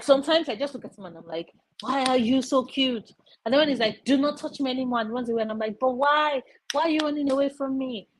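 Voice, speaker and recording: A chatty woman hosts a casual live reading stream, wandering between topics and filling gaps with little asides. Her voice is husky and a touch breathy. The sound is close and dry. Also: on the low side, dry recording, poor audio. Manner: chatty and rambling, many fillers, coos over her cat. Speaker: book streamer hosting a live reading sprint.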